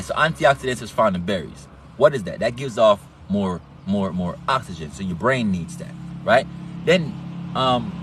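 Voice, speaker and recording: A man's voice: medium pitch, noisy background. A man with an accent lectures in a casual, preachy way, swearing often, stressing and repeating words. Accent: non-standard English accent. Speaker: online health talk host.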